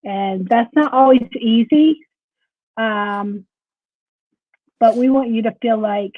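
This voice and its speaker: A woman co-hosting a casual live-stream chat, talking in a calm, supportive way with frequent ums. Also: fairly high pitch, slow pace, no echo, narrow, tinny audio. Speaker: co-host.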